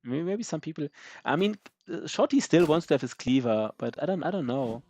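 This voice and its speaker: A man's voice: on the high side, animated, brisk, darkish tone. Rambling man chatting on a game stream. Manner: rambling, answers chat, many fillers and restarts. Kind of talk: casual live-stream chat while gaming.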